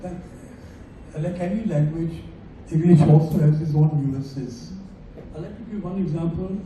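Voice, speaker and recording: A man's voice: a little high, a little slow, warm tone, a little hiss or hum. An older man giving a chatty, joking speech at a farewell event, calling on audience members by name. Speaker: guest speaker. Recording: echoey room, distant dull mic.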